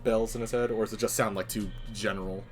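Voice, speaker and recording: A man's voice: lowish voice, steady tone, fast. Young male tabletop player, faint music behind. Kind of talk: casual tabletop play.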